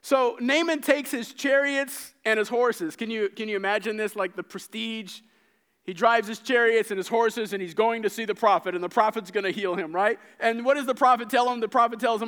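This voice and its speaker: A man preaching a sermon, retelling scripture stories with lively acted-out dialogue and frequent repeated words. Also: high voice, moderate pace. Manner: animated storytelling, acting out characters' lines.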